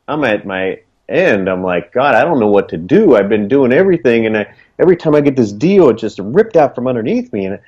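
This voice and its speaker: A man's voice: mid-range voice, sing-song, brisk, hardly any pauses, darkish tone, husky. A man telling his story in casual, earnest talk, rambling with lots of fillers. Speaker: guest, small business owner. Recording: dull lo-fi recording.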